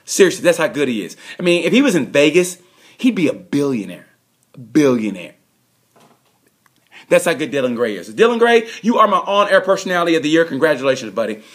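A man giving a rambling comedic awards monologue, excitable and prone to sudden loud bursts. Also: a little high, a little fast. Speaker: host.

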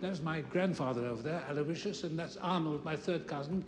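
An actor playing an eccentric older aristocrat, brisk and dry, who rambles. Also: male voice, on the high side, noisy background, natural voice.

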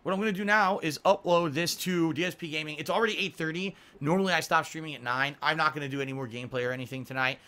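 A man's voice: on the high side, fast talker, hardly any pauses, bright, forceful tone, low-quality recording. A man streaming a game live, commenting as he plays, often frustrated and swearing. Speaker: gaming streamer.

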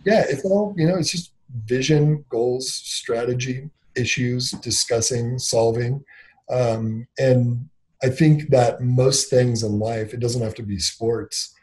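A candid man in his thirties tells a personal story as an interview guest, talking in loose, filler-heavy runs. He acts out what people said to him, with a voice of middling pitch. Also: slow, a little mellow, rough recording. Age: 30s. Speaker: interview guest, company founder.

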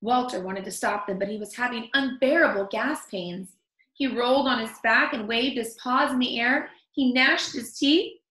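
Woman storyteller, reading to kids, fairly high, bright voice, echoey room. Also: moderate pace. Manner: expressive, stops to comment on the story. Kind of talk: reading a picture book aloud to children.

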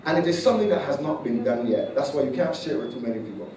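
A man's voice: medium pitch, animated, rapid-fire. A man preaching in church as an apostle, declaring prophecy over a congregant in fervent bursts. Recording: echoey hall, mic far off, noisy.

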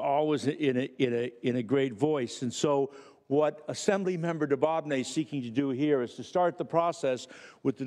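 A male senator speaks to the chamber in a conversational way, adding small asides as he goes. His pitch is middling. The large hall carries a long reverb. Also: darkish tone. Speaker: state senator presenting a bill. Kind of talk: floor speech.

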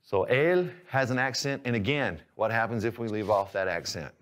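A man teaching a language lesson, explaining patiently and clearly, step by step. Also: fairly low pitch, expressive, normal speed, fairly bright tone. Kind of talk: instructional lesson.

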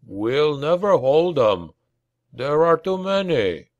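A man voicing a gloomy old male dwarf stretcher-bearer who mutters slowly. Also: on the high side, sing-song, no echo, highs cut off, voice pushed up. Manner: slow, muttered pessimism.

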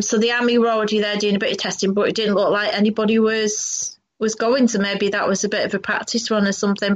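Chatty female co-host, loose rambling delivery, muffled lo-fi recording. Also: mid-range voice. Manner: chatty, rambling, many fillers. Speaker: radio co-host. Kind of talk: casual chat interview. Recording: dull lo-fi audio.

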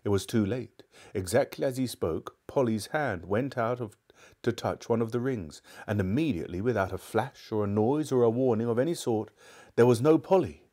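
A man reading a children's novel aloud on a live stream, with expressive storytelling delivery. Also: mid-range voice, moderate pace. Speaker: narrator.

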